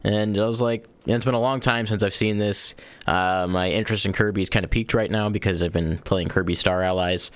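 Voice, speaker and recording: A young adult man hosting a casual podcast, telling stories in an animated, rambling way and laughing often. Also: on the low side, fairly quick, few pauses, no echo. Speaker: podcast host.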